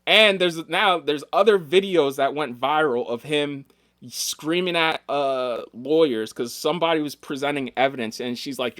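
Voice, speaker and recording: This podcast co-host has a fairly high voice at normal speed, caught on a dry, clean studio recording. He tells stories in a casual chat, swearing freely and acting out whoever he's quoting with lots of animation.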